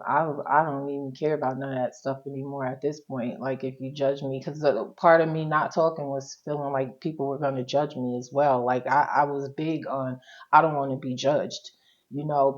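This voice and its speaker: A woman, a social worker, talking frankly in an interview about her own journey in a relaxed, colloquial way. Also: a bass voice, dull audio. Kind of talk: candid personal storytelling.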